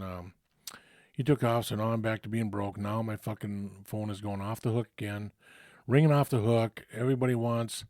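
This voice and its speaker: A man's voice: on the low side, dark tone, no room sound, studio quality. A man telling a story from his past in a casual, rambling way, swearing freely and full of fillers and restarts.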